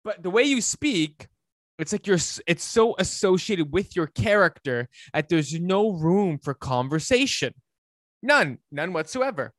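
A man, a fitness coach, giving an emphatic, preachy motivational talk that swings between loud and hushed. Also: high voice, sing-song, a little slow, dry recording, clean studio sound.

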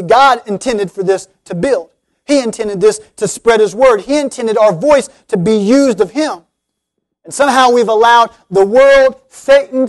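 A man preaching an earnest sermon, speaking directly to his listeners and rising to emphatic appeals. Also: sits high.

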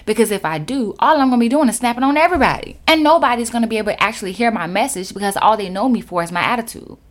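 Sassy animated woman telling her story as a speaker, voice jumps all over. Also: a little high, rapid-fire. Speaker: motivational speaker. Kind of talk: personal storytelling talk.

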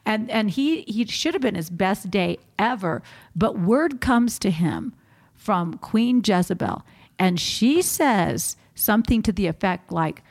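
A woman co-hosting a faith podcast, retelling Bible stories in a lively, chatty way. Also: mid-range voice, slow. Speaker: co-host. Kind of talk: casual Bible teaching chat.

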